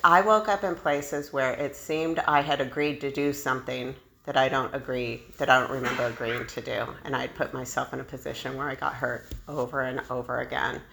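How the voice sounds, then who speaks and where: A woman's voice: extremely low pitch, steady tone, brisk, vocal fry, few pauses, a bit bright, slight background noise. A woman candidly telling her own recovery story, self-deprecating and laughing often. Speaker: speaker sharing a recovery story. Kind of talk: personal storytelling.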